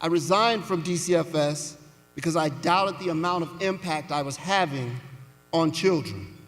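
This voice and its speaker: A man giving a commencement speech, telling a story slowly and deliberately with pauses for weight, in a large indoor arena. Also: on the high side, fairly bright tone, faint music behind. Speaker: commencement speaker. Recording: reverberant arena sound.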